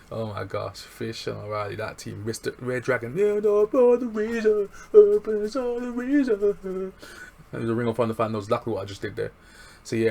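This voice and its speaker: A man reviewing a wrestling show in a casual, excitable, slangy recap chat. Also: on the low side, vocal fry, slight background noise.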